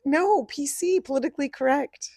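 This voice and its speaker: A woman's voice: high voice, normal speed, a little mellow, slight background noise. A woman co-hosting a casual chat show who also works as a cashier, chiming in with quips. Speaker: podcast co-host.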